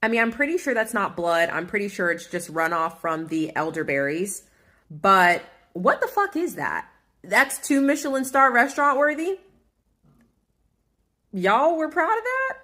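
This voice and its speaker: A woman's voice: medium pitch, sing-song, moderate pace, pushed and bright. A woman food vlogger telling a dramatic, exaggerated comic story in a restaurant review rant.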